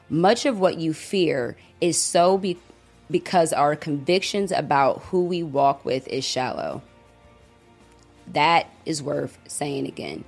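A woman in her thirties hosts a faith podcast, her voice sitting low. She reads a devotional, then talks it through in an earnest, reflective way, pausing and restarting as she searches for words. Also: gravelly, a little mellow, faint music behind. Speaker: podcast host.

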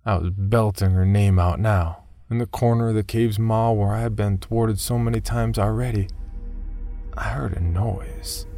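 A man narrating a first-person horror story, turning tense and urgent when his character shouts. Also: on the low side, fairly even intonation, measured pace, no echo, soft background music.

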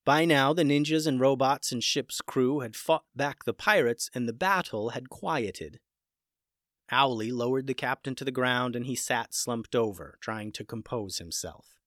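A podcast storyteller narrating a children's adventure in an expressive read-aloud. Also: mid-range voice, no room sound, clean studio sound.

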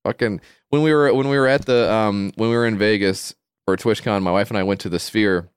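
A man's voice: on the low side, fairly quick, smooth, dry recording. Man, comedy podcast co-host; swears freely, rambles through anecdotes, dead-dry studio sound. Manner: profane, rambling, laughs through his story. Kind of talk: casual comedic storytelling.

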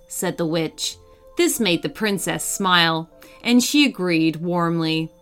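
A woman reading a children's story aloud with an expressive, animated delivery. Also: on the low side, slow pace, soft background music.

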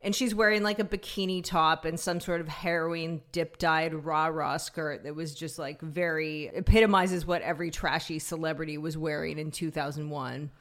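A woman's voice: deep voice, steady tone, normal speed, few pauses. A woman co-hosting a podcast, chatting casually and laughing as she recaps an episode. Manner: chatty, laughing, self-correcting. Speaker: podcast co-host. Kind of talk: casual chat.

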